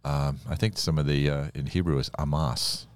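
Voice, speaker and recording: Man from ohio, guest, very low voice, dry close sound, earnest chat with jokes. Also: fairly even intonation, normal speed, clear, resonant tone, no echo. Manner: joking, earnest preacher-like asides. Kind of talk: casual Bible discussion.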